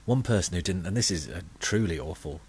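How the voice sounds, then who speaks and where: A middle-aged British man on a comedy podcast, telling deadpan, rambling anecdotes full of fillers. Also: low-pitched, fairly quick, a little hiss or hum. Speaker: podcast co-host telling comic stories.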